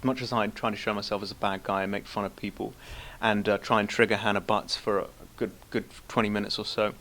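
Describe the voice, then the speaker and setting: A man's voice: lowish voice, level tone, quick pace, fairly bright tone. A man with a smoker's voice, a podcast guest bantering in a brash, teasing, profane way.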